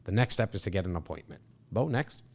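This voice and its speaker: A man's voice: deep voice, fast talker, gravelly, a little hiss or hum. A man in his fifties, a sales coach, talking emphatically to an audience and acting out what clients think. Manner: animated, emphatic, acts out clients' thoughts. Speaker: real estate sales coach.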